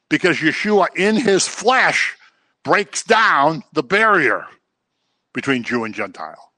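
A man's voice: mid-range voice, wildly swooping pitch, a little slow, sharp tone, dry recording. A man giving a conversational sermon as a pastor, acting out everyday examples to make his points. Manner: conversational teaching with acted-out examples.

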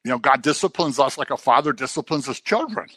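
A man preaching a sermon in a conversational, animated way, sometimes acting out the people he quotes. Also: mid-range voice, fast, dry recording.

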